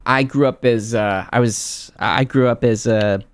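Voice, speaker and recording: A man's voice: medium pitch, steady tone, measured pace, smooth, dry recording. A man guesting on a stream, chatting in a laid-back, hesitant way. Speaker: guest voice actor. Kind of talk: casual stream chat.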